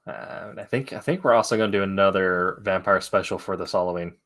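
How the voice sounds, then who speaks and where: A man hosting a casual online trivia game, relaxed and laughing often, with many fillers. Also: low-pitched, fairly quick. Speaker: trivia host.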